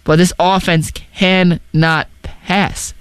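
A man's voice: high-pitched, little pitch movement, drawn-out words, fairly bright tone, clean tone, no room sound. A young man co-hosting a casual sports talk show, opinionated and skeptical, giving blunt takes. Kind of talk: casual sports radio chat.

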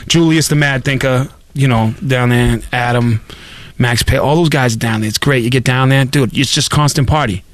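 Animated male podcast host, dry sound. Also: mid-range voice, normal speed, dry recording. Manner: animated storyteller, loud ranting bursts. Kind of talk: casual chat.

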